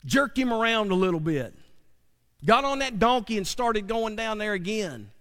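Man, preacher, high-pitched voice, folksy conversational sermon, long hall reverb. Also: lively intonation, normal speed, fairly bright tone, clear, resonant tone. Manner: folksy, conversational, asks the audience questions.

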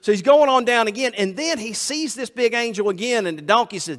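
A man's voice: very high-pitched, lively intonation, brisk, hardly any pauses, fairly bright tone, in a large hall. A man preaching a sermon in a folksy storytelling manner, often repeating words as he goes.

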